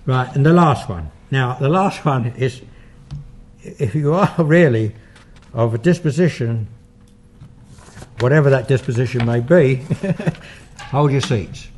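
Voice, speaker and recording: A man's voice: medium pitch, a little slow, long pauses, a little mellow, a little hiss or hum. An older man, a paranormal investigator, giving a public talk and taking audience questions, in a conversational, anecdotal way with asides and fillers.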